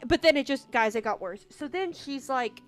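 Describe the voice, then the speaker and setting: A woman's voice: high voice, animated, moderate pace, faint music behind. A young woman vlogger telling a story casually while gaming, rambling with lots of "like" and frequent swearing.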